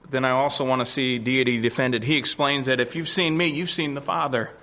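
A man preaching a sermon, swinging between loud declarations and quiet asides. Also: mid-range voice, fairly even intonation, brisk, few pauses. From United States. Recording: dull lo-fi recording.

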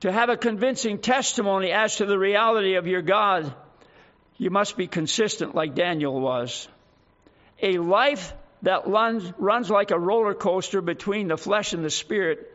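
A male preacher with a strikingly high voice delivers an emphatic sermon, driving home each point with rhetorical questions. The recording sounds dull and lo-fi. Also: moderate pace, fairly bright tone.

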